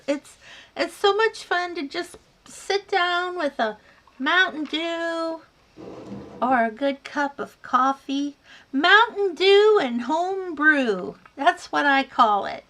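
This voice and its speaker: A high-voiced woman chats through a yarn livestream at home. She takes her time, reads viewer comments one by one, and answers each with a friendly "dear" or "sweetheart.". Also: slow pace, fairly bright tone. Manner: chatty, calls viewers dear, sweetheart and honey. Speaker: yarn crafting livestream host. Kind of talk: casual live chat reading viewer comments.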